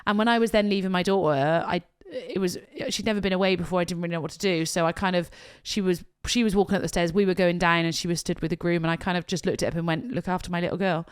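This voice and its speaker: A woman's voice: lowish voice, steady tone, fast talker, few pauses, smooth. A woman co-hosting a podcast in casual chat, telling stories with frequent laughter and emotion. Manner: chatty storyteller, laughs often, emotional. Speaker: podcast co-host, wedding planner.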